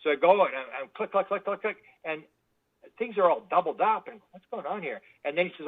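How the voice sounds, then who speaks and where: Fast-talking man on a tinny line. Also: high-pitched. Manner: animated, repetitive restarts. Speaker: guest. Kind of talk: anecdotal interview storytelling.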